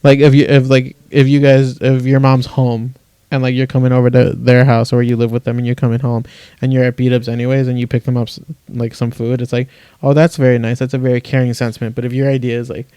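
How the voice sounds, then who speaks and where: A man's voice: mid-range voice, completely flat delivery, fast, warm tone, clean tone, no echo. A young man co-hosting a podcast, ranting in casual chat with lots of swearing and rambling asides. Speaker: podcast co-host.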